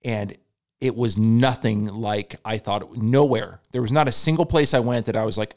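A man with a gravelly, fry-edged voice that sits on the low side chats in a loose podcast style. He rambles, doubles back on his words and curses freely, slipping into quick quoted asides. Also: fairly even intonation, darkish tone. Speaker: stand-up comedian. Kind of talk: casual podcast chat.

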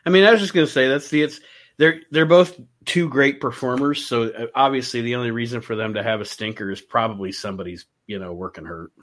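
A man's voice: mid-range voice, fast, a bit bright. Rambling male podcast guest. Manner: rambling, self-correcting asides. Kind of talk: casual chat.

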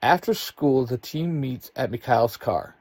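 A man narrating an adventure story in an expressive, unhurried way. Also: mid-range voice, dry recording.

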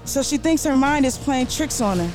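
A high-voiced woman hosting a live radio show, telling a story in a loose, animated way full of slang. Music runs clearly beneath her the whole time. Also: moderate pace. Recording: music playing behind.

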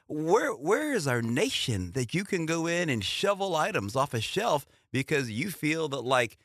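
A man's voice: fairly high pitch, big pitch swings, a little slow, hardly any pauses, a bit bright, no echo, studio quality. A man on a talk radio panel, arguing earnestly.

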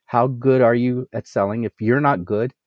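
A man giving energetic business advice as a coach, asking rhetorical questions and laughing at himself. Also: medium pitch, normal speed, no echo, dull audio. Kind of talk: casual business interview.

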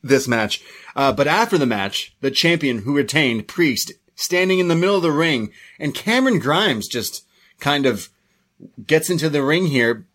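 Animated man recapping wrestling. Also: on the high side, normal speed. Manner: animated recapping with acted-out quotes. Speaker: wrestling podcast co-host. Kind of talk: casual chat.

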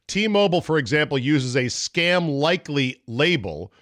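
A man's voice: fairly high pitch, sing-song, unhurried, a bit bright, no room sound, studio quality. A middle-aged man hosting a podcast, ranting bluntly with sarcasm and profanity. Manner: blunt, profane, sarcastic, mocking voices in quotes. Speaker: podcast host. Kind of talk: opinionated sports talk monologue.

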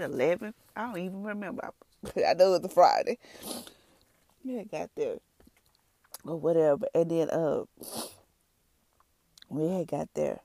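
A woman's voice: fairly low pitch, mellow, no room sound. A woman telling an emotional personal testimony on her podcast, rambling and tearful, crying at times. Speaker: podcast host giving a testimony.

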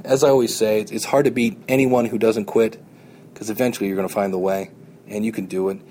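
A man's voice: lowish voice, level tone, quick pace, warm tone, a little hiss or hum. A man hosting a podcast, talking earnestly and encouragingly in a motivational monologue, often repeating his points. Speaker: podcast host.

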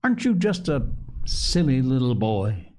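A man's voice: mid-range voice, sing-song, a little slow, mellow, pitched above the performer's own voice. A man voicing the Lord of the Flies, a taunting pig's head. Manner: taunting, schoolmasterly condescension. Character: menacing talking pig's head, mocking and sly. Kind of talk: audiobook reading.

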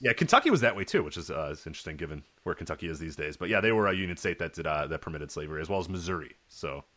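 Lively fast-talking man. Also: sits low. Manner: animated storyteller, acts out voices in anecdotes. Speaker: podcast co-host. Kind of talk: casual chat.

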